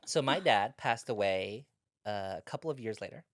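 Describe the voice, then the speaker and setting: A woman who is a guest comedian, telling rambling personal stories with deadpan jokes in a casual chat. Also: extremely low pitch, normal speed, no room sound, clean studio sound.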